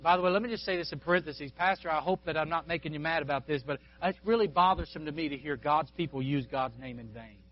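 A man preaching a sermon, telling a story with asides to the pastor and congregation, swinging between loud exhortation and hushed quiet. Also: fairly high pitch, quick pace, few pauses. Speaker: guest preacher. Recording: dull lo-fi sound.

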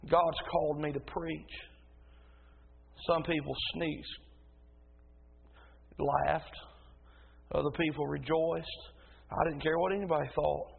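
A man preaching a sermon as pastor in a church, emphatic and rising into a loud preaching cadence. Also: on the high side, fairly even intonation, slow, gravelly, long pauses, slightly rough. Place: church sanctuary. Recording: tinny phone-like sound in a reverberant hall.

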